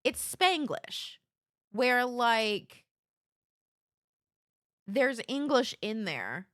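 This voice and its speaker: A woman streamer reacting casually and excitedly to a video. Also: on the high side, extremely slow. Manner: animated, exclaiming, laughing.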